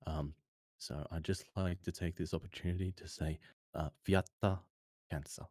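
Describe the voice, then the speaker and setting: A man playing as a contestant on a stream, setting up a joke in a hesitant, deadpan way. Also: sits low, moderate pace, no room sound, studio quality. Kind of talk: joking game banter.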